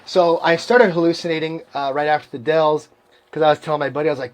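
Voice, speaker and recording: A man with a slightly higher voice tells his story in a loose, rambling way. He is casual and self-mocking, and he laughs at his own mistakes. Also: fairly even intonation, fast, lo-fi sound. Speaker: podcast guest.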